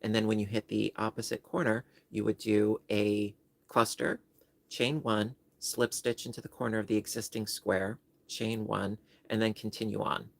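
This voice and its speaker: A man's voice: lowish voice, steady tone, normal speed, creaky, no echo. A man hosting a crochet livestream, chatting casually with viewers and explaining stitches step by step. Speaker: crochet channel host. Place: home livestream setup.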